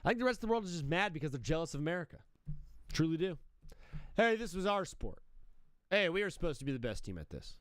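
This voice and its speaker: Young male live-stream host, high smooth voice, brash joking banter, dry close mic. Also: very animated, fast, pauses often, a bit bright, dry recording. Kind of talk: casual live-stream chat.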